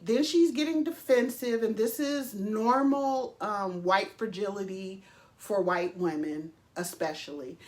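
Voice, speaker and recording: Slow, emphatic woman vlogger. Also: a little high, a bit bright. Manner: emphatic, profane, with frequent pauses and fillers. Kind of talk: casual opinion commentary.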